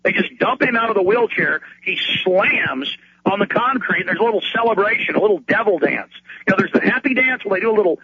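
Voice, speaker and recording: Male talk radio host, high voice, ranting, muffled line. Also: animated, a loud crowd. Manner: rapid, repetitive restarts, mocking put-on quotes. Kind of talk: heated talk radio commentary.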